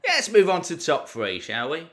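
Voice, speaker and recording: A man's voice: fairly high pitch, normal speed. A man co-hosting a comedy podcast, bantering and telling jokes in a casual chat. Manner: jokey, lively banter. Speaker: podcast co-host. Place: same room as co-host, indoors.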